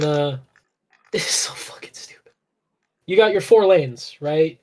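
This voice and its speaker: A man's voice: a little high, a little mellow. A man who is a soldier, chatting casually and telling a story in a crude, laughing way. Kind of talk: casual chat.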